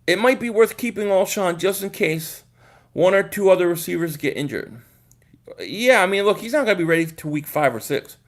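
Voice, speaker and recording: A man with a high voice hosts a live sports stream, reading out viewer comments and chatting back. He talks loosely and thinks aloud, often repeating and restarting his words. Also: lively intonation, moderate pace.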